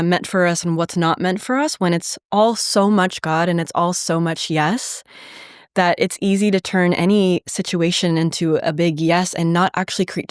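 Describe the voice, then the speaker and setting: A woman hosting a podcast interview, asking reflective, searching questions with soft fillers. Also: on the low side, clear, resonant tone, no room sound, clean studio sound. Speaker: podcast host. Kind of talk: conversational interview.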